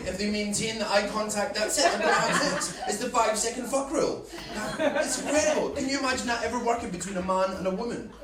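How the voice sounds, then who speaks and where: A man doing a stand-up comedy set on a club stage, brash and cheeky as he teases the crowd. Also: high-pitched. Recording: echoey club from a distance, loud audience laughter.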